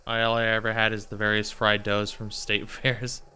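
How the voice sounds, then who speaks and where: A man's voice: on the low side, monotone, normal speed, bright, forceful tone, smooth. A man casually chatting while playing a game on a live stream at home, rambling between topics and talking to his cat.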